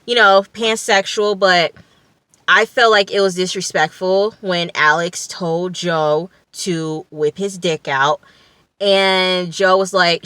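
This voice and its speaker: A woman's voice: fairly low pitch, slow pace, sharp tone, clean tone, dry recording. A woman recapping a reality TV episode in a casual vlog, blunt, profane and opinionated, with plenty of fillers. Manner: chatty with frequent fillers. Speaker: TV reality show reviewer.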